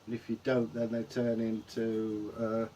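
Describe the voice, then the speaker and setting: A man's voice: on the low side, monotone, measured pace, dark tone, a little hiss or hum. An English man co-hosting a vlog in casual chat, rambling and trailing off mid-sentence. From England. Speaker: vlog co-host.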